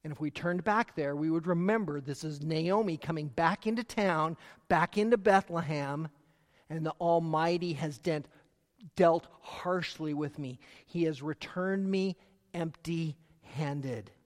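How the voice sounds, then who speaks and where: High-voiced man preaching in a reverberant hall. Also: measured pace. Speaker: pastor. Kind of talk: sermon.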